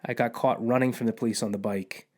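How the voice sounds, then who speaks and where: A man's voice: mid-range voice, fairly even intonation, fast, darkish tone. A man who is a guest on a podcast, telling anecdotes in a casual, rambling way and often restarting his sentences. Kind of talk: casual chat.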